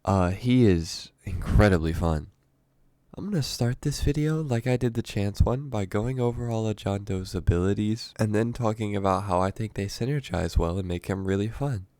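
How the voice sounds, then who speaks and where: A man's voice: fairly low pitch, moderate pace, warm tone, dry recording. A sick, congested man with a stuffy voice, casually explaining a game character's abilities as a voice-over. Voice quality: stuffy, nasal from a cold. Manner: chatty, explains step by step with fillers. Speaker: gaming YouTuber.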